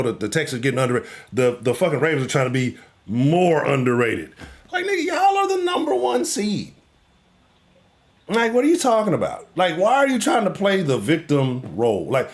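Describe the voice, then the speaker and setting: A man hosting a live sports talk show, ranting in a profane, animated way and swinging between loud outbursts and low mutters. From Houston.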